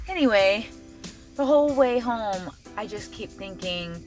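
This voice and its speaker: A woman's voice: mid-range voice, expressive, slow, fairly bright tone, faint music behind. A middle-aged woman talking casually to camera in a family vlog, chatty and emotional, full of "like". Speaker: family vlogger. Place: in her car, then at home.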